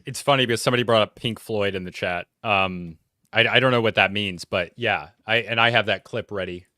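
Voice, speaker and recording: Relaxed bright-voiced male host. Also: lowish voice, fairly quick, no echo, clean studio sound. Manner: relaxed, brief interjections. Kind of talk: casual chat.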